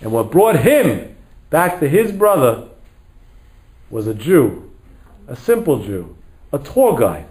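Male rabbi, mid-pitched voice, dramatic storyteller who acts out every line of dialogue. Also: sing-song, measured pace, pauses often, a little mellow, poor audio. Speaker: rabbi lecturer. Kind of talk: storytelling sermon.

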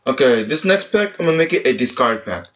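A man's voice: mid-range voice, sing-song, fast talker, a bit bright, highs cut off. A seventeen-year-old boy giving casual, frustrated commentary while opening game packs at home, swearing often and keeping his voice down. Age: teens. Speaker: gaming channel host. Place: family home, speaking quietly.

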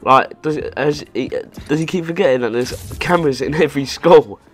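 A man's voice: fairly high pitch, moderate pace, soft background music. A young man giving sarcastic, profanity-filled commentary while playing a video game. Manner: sarcastic, sweary running commentary. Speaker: gaming YouTuber. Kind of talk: gameplay commentary.

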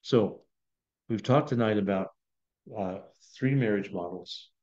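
A man's voice: lowish voice, a little slow, a little mellow. A man pastor teaching a Bible study in a conversational storytelling manner. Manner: conversational, storytelling, acts out quotes. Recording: dull lo-fi video call audio.

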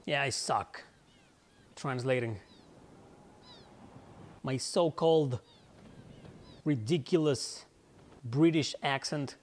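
A man's voice: mid-range voice, slow, long pauses. Laid-back man doing game commentary. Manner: laid-back, chatty, cursing, laughing at himself. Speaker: gaming channel host. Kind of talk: casual gameplay commentary.

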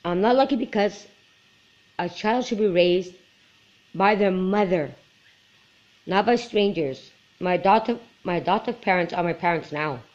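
A woman's voice: on the low side, darkish tone, lo-fi sound. Emotional woman in her forties, vlogging. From Quebec. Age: 40s. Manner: earnest, emotional, halting. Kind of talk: personal vlog talk to camera.

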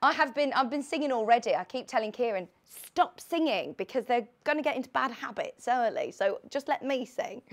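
A woman in her late twenties presenting a live sewing shopping show from a studio, chatty, bubbly and excitable. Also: fairly high pitch. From United Kingdom. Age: late 20s.

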